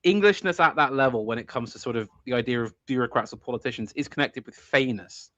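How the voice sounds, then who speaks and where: A man's voice: mid-range voice, fast talker, bright, forceful tone, dry recording, lo-fi sound. Emphatic man in a dry recording. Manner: opinionated, emphatic, imitates accents. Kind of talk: casual conversation.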